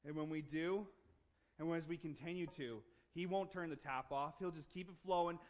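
A man preaching a sermon to his church, moving from relaxed, joking conversation to emphatic, building declarations. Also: on the high side, moderate pace. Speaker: pastor.

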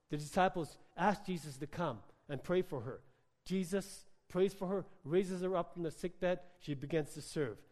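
A man preaching a sermon in a church hall, talking quickly and emphatically and pausing for rhetorical questions to the congregation. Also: a little high, a little mellow. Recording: long hall reverb.

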